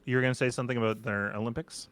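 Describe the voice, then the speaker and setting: Rapid-fire and echo-free, this medium-pitched male voice belongs to a podcast co-host from Canada. He's chatty and lively, trading jokes and trivia in casual conversation.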